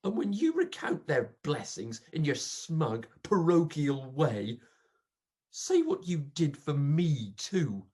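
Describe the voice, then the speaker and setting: Someone reciting as a husky, grieving old pauper man. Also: mid-range voice, sing-song, slow pace, heavily acted. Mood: anguished, bitter. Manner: melodramatic, swinging from hushed to loud. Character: grief-stricken old male pauper, bitter and accusing. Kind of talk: dramatic poetry recitation.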